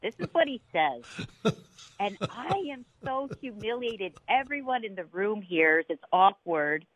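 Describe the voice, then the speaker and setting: A woman's voice: mid-range voice, a little slow, no echo. Middle-aged woman storytelling over a tinny line. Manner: animated, acts out quoted voices, laughs often. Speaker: co-host. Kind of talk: storytelling on a radio interview. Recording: dry tinny phone-like line.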